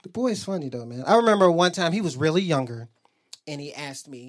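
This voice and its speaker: Lively high-voiced guy doing stand-up, cussing, pitch jumps all over. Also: fast talker. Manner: animated, profane, jumps into high squeaky quotes. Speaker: stand-up comedian. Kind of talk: stand-up storytelling.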